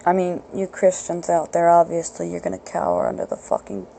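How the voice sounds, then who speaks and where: A woman's voice: fairly low pitch, animated, brisk, creaky, mellow, slight background noise, rough recording. A woman hosting her own podcast, ranting bluntly and profanely in an unscripted solo talk. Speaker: podcast host.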